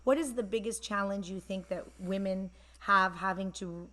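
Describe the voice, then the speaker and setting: A woman's voice: medium pitch, moderate pace, a bit bright. A woman hosting a casual live stream from her phone, talking emotionally and in rambling bursts about going back to work. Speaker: host. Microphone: phone camera.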